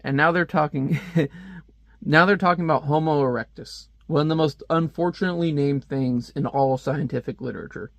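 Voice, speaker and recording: Guy chatting through a comic review, jokey asides, kinda high voice, dry close sound. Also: a little fast, gravelly, dry recording. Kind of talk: casual commentary.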